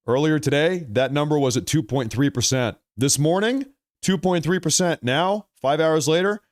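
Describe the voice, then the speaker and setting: A man's voice: a little high, no echo, studio quality. A man hosting live political commentary on a stream, emphatic and repeating lines for effect, calling his viewers folks. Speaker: livestream political commentary host.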